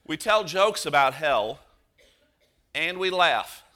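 Bright-voiced preaching pastor. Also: male voice, on the high side, lively intonation. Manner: earnest preaching that slows down for emphasis. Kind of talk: sermon.

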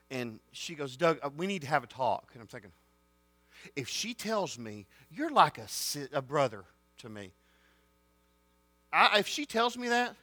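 A man preaching to students, rising to shouted excitement. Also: fairly high pitch, no echo. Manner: folksy, builds to shouted excitement. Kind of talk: sermon storytelling.

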